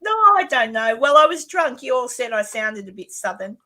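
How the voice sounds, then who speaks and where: A woman's voice: on the high side, lively intonation, moderate pace, pushed and bright. An Australian woman chatting casually on a livestream, laughing often and trailing off mid-sentence. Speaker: co-host of a paranormal livestream. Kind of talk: casual chat.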